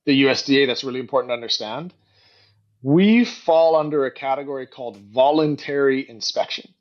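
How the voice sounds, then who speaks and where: A middle-aged man telling stories in a casual podcast interview, animated and quick to act out what others said. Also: mid-range voice, highs cut off. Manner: animated storyteller, acts out quoted voices, frequent "like". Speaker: guest, company co-founder and CEO.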